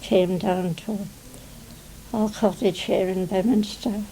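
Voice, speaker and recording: An elderly English woman in her nineties talks through old memories for a 1990 television interview. Her voice is dark and mellow with a gravelly edge, and she speaks slowly. She rambles, tucking "you see" into her sentences. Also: mid-range voice, fairly even intonation, a little hiss or hum, rough recording. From England. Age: 90s. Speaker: interviewee, retired stage actress. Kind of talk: reminiscing interview.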